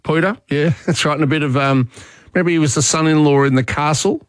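Chatty radio host. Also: male voice, a little high, quick pace, clear, resonant tone, no echo. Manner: relaxed, chatty, frequent fillers and restarts. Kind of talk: casual talkback radio chat. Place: radio studio.

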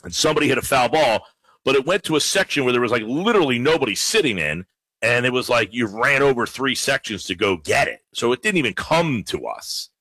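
A man hosting a call-in sports radio show, talking with callers and listeners in an animated way. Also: mid-range voice, no room sound. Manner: lively, animated, quick play-by-play bits. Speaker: radio sports talk host.

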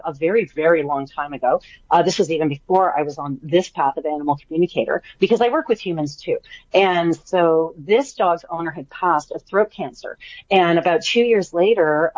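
A woman's voice: lowish voice, no room sound, dull audio. A woman who works as an animal communicator, talking chattily and enthusiastically as a guest in a radio interview. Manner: warm, chatty, enthusiastic, many fillers.

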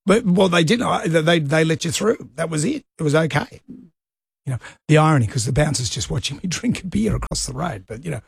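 A man's voice: fairly high pitch, animated, brisk, vocal fry, breathy edge, no echo, clean studio sound. A middle-aged Australian man hosting a radio show, telling a rambling story in casual chat. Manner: rambling anecdotes with laughs. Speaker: radio host.

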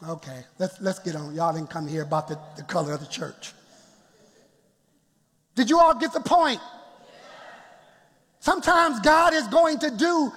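A male pastor preaching a lively sermon in a church, often chuckling and calling out to the congregation. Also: extremely high pitch. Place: church sanctuary. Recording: long church reverb.

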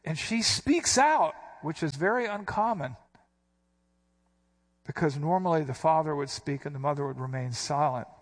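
A man's voice: a little high, moderate pace, pauses often. A man preaching a sermon, teaching through a Bible passage with emphatic, punchy readings of quoted lines. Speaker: pastor.

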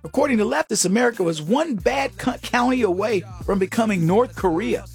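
Husky, mocking male radio talk host. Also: high-pitched, a little fast, soft background music. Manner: animated, mocking, emphatic. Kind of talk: opinionated radio monologue.

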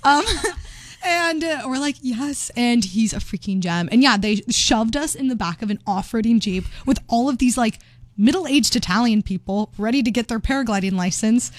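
A woman's voice: fairly high pitch, moderate pace, no echo. Giggly young woman telling a story. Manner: giggly, animated storytelling with voiced quotes. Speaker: travel vlogger. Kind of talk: casual chat.

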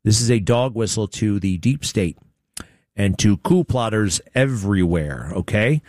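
A man hosts a talk radio show, riffing in a sarcastic, mocking way. His voice sits low. The sound is dry and close. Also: animated, a little slow, a little mellow, no room sound. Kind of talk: opinionated talk radio monologue.

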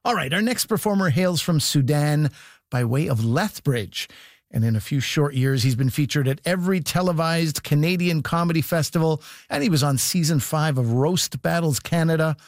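A man's voice: on the high side, moderate pace, dry recording, studio quality. A man hosting a comedy gala, introducing the next performer with an upbeat announcer build-up. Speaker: comedy festival host.

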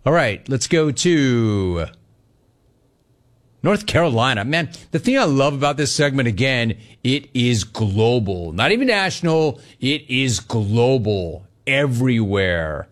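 A middle-aged man hosting a call-in sports radio show, talking in a brash, joking, animated way. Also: medium pitch, slow pace.

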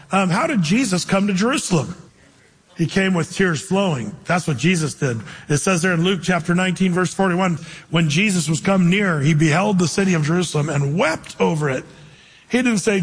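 Husky-voiced man preaching a lively sermon. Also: high voice, big-room sound. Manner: animated, conversational preaching with jokey asides. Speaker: pastor.

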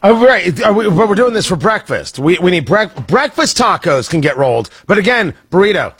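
Joking, husky-voiced male radio host. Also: high voice, a little fast, no echo. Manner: joking, teasing, animated. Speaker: radio morning show host. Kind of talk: casual on-air banter. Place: radio studio.

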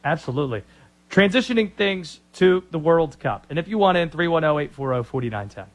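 Animated, high-voiced sports radio host. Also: male voice, fairly quick. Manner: animated, opinionated, joking.

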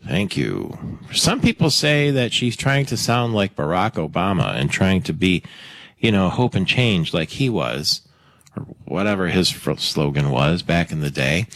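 Man, radio show host, sardonic commentary, lively pitch, dry close mic. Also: a little slow, dry recording. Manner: sardonic, conversational, with fillers. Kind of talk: opinionated talk radio commentary.

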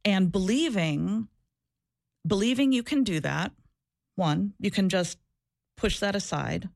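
A woman's voice: mid-range voice, expressive, slow, vocal fry, dry recording, clean studio sound. A woman who used to be a social worker, talking candidly in an interview, earnest and reflective, often restarting and repeating herself. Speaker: former social worker, guest.

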